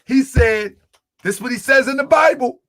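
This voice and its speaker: A man giving a religious teaching, retelling a story in an animated way with many fillers. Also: very high voice, moderate pace.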